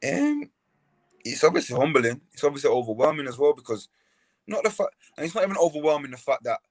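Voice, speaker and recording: A young man who boxes chats casually as a guest on a podcast, speaking quickly in a fairly high, sing-song voice with no echo. It's relaxed interview talk, and he often repeats words and starts his sentences over.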